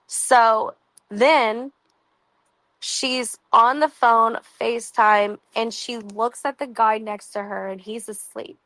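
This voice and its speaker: A woman retelling a story in a casual, chatty vlog, with many "like"s and quick asides. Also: fairly high pitch, vocal fry, fairly bright tone, dry recording, low-quality recording. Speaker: vlogger.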